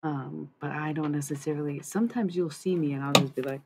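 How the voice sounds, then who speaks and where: A woman livestreamer with a low, fairly quick voice rambles casually with her viewers and curses freely. The audio is very noisy, and her manner is chatty and profane.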